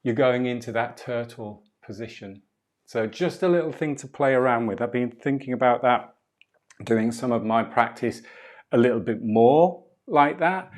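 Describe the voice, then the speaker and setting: Calm man guiding a breathwork class. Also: medium pitch. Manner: calm, guiding cues with drawn-out repetitions. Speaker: qigong and breathwork instructor. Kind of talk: live online movement class instruction. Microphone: video call.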